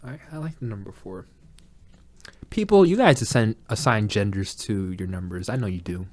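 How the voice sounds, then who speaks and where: A man's voice: lowish voice, expressive, moderate pace, darkish tone. A young man co-hosting a podcast in casual chat, rambling with restarts and swearing freely. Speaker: podcast co-host.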